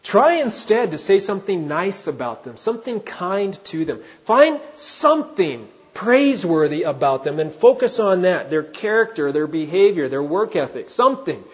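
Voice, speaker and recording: A man preaching from the pulpit, with a voice that sits a bit high for a man. He talks in a conversational way and puts questions to his listeners. The recording is dull and lo-fi. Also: very animated, moderate pace, few pauses. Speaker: pastor. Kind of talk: sermon.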